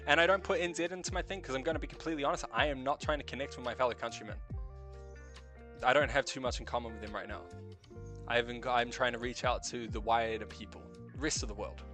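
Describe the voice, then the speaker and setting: A man with a light New Zealand accent chats casually on his stream and keeps rambling and correcting himself as he goes. He swears freely. His pitch sits in the middle for a man, and soft music plays behind him. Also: steady tone, fast. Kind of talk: casual chat.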